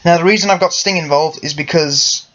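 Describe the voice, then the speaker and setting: A man's voice: on the high side, a little fast, a bit bright. A young man giving casual, rambling commentary on wrestling, often correcting himself. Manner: rambling, with frequent self-corrections. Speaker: wrestling fan vlogger. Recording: lo-fi muffled sound.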